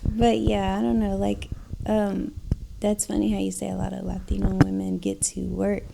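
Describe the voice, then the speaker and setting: A young woman co-hosting a podcast with her husband, speaking hesitantly and softly in casual chat. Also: mid-range voice, completely flat delivery, moderate pace, gravelly, noisy background. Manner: hesitant, many fillers, soft-spoken. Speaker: podcast co-host.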